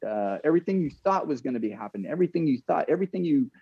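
A man's voice: medium pitch, very animated, rapid-fire, breathy edge, no echo, lo-fi sound. An earnest man in middle age, a former pro ball player telling a candid story, often repeating and restarting his phrases.

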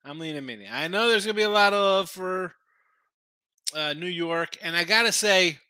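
A tired man hosts a late-night betting stream, rattling off brash picks in a bright, forceful voice. He sits close to a dry mic with no room sound, pitched a little high for a man. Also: clear, resonant tone, no echo. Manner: brash, rapid-fire opinions, talks to chat. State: tired, yawning. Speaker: sports betting show host.

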